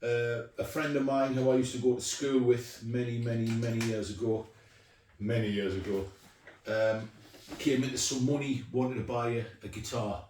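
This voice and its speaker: A man's voice: medium pitch, steady tone, normal speed, darkish tone, a little hiss or hum. A middle-aged man, chatting casually and rambling with plenty of ums as he shows off his guitars. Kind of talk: casual show-and-tell. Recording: echoey room, mic at a distance.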